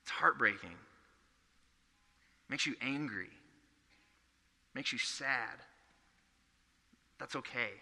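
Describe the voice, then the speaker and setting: Bright-voiced man preaching in an echoey hall. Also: medium pitch, slow, creaky, pauses often. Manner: earnest, conversational preaching with storytelling. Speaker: pastor. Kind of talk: sermon. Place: church hall.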